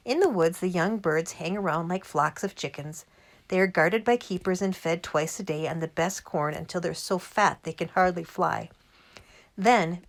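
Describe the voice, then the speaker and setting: Woman reads an eager middle-aged dad spinning a yarn; lowish, animated storybook voice. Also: natural voice. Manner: lively, relishing the tale. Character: cheerful storytelling father, middle-aged man.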